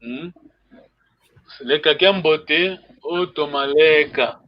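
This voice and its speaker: A man's voice: on the high side, takes it slowly, highs cut off. A man from Congo, teaching a live online language lesson over a video call. He explains patiently and repeats words for his students to echo.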